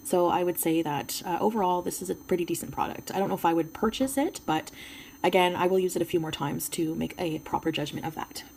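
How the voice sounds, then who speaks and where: A woman's voice: lowish voice, fast, gravelly, a little mellow, slight background noise, rough recording. A French Canadian woman chatting through a casual beauty product review at home, hesitant and full of ums. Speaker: beauty vlogger.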